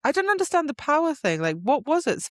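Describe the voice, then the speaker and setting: A woman co-hosting a casual book podcast, chatty and quick to slip into characters' voices. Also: high voice, big pitch swings, dry recording, studio quality. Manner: chatty, jumps into characters' voices, laughs while retelling. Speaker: podcast co-host. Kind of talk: casual book-club chat.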